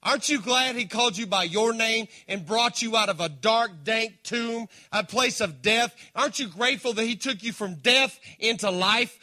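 A man preaching a sermon as pastor, swinging between loud emphasis and hushed appeals and calling out to his listeners. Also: very high-pitched, moderate pace, few pauses. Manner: calls out to the congregation.

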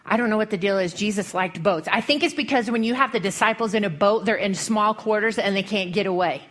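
A woman's voice: medium pitch, a little fast, fairly bright tone. A woman preacher with a Western American accent, giving a folksy, humorous sermon full of storytelling.

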